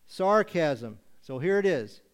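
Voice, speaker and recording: Emphatic preacher man, fairly high voice. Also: sing-song, clean tone. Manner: emphatic, deliberate, rhetorical questions. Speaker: pastor. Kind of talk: sermon.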